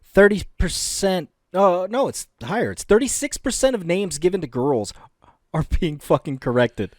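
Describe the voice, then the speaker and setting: A young man co-hosts a podcast, his pitch swinging up and down as he tells stories. He laughs often and swears casually. The recording is dry and close. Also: sing-song, moderate pace, dry recording. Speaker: podcast co-host. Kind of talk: casual comedic banter.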